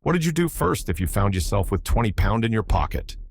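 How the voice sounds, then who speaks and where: A man's voice: fairly low pitch, big pitch swings, brisk, slight background noise. Man doing a drawling sailor in a hammock. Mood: lazy.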